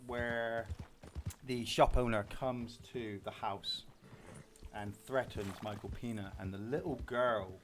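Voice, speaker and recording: A male streamer chatting casually while gaming, retelling a film scene with animated emotion. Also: mid-range voice, slow pace, slight background noise.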